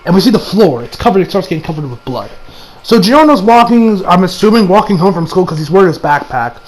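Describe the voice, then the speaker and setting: A man's voice: high voice, sing-song, fast, slight background noise, low-quality recording. A young man giving a casual, rambling anime review, full of slang and frequent laughter.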